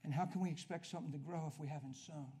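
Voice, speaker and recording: A man preaching a sermon, telling a story and acting out both sides of a conversation, swinging from hushed talk to loud, emphatic preaching. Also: fairly high pitch, fairly even intonation, racing, a little hiss or hum.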